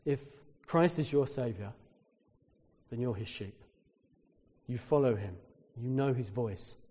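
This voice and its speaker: A man's voice: mid-range voice, slow pace, long pauses, in a large hall. A man preaching a sermon, telling a personal story and acting out the people in it. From Britain. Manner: storytelling, animated when quoting others.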